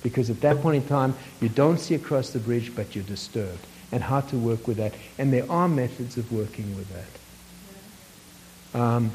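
A man facilitating a workshop speaks in an easy middle register. He retells a folk tale to make a point, laughs softly between phrases, and keeps checking in with the group. A faint hiss sits under his voice. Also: medium pitch, normal speed, poor audio. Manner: chuckles often, asks the group questions. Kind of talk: teaching a workshop with storytelling.

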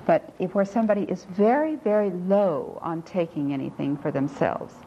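A woman leading a reflective group discussion, speaking slowly and thoughtfully, halting and repeating words as she gathers her points. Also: lowish voice, mellow. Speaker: discussion leader. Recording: muffled lo-fi tape with faint hiss.

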